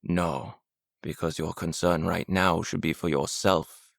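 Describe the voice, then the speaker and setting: Audiobook villain: a man playing a menacing German captor, thick accent, low gravelly growl, quiet and cold. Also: fairly even intonation, no echo, studio quality, full character voice. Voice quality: deep, gravelly. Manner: quiet, cold, measured threats.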